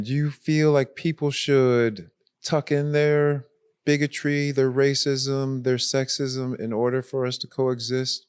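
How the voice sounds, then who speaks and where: Male host, slow and halting, smooth voice, dry close mic. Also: mid-range voice, dry recording. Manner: halting, searching for words. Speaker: podcast host. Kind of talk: interview conversation.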